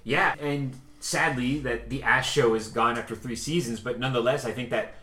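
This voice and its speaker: A man's voice: medium pitch, moderate pace, pushed and bright, roomy sound. A man in his forties hosting a casual chat about upcoming films, talkative and enthusiastic. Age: 40s. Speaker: podcast host, cinema programmer.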